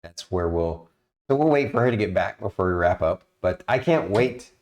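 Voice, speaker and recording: A man's voice: deep voice, animated, moderate pace, darkish tone. A man narrating as game master on a tabletop game stream, rambling with many fillers and restarts.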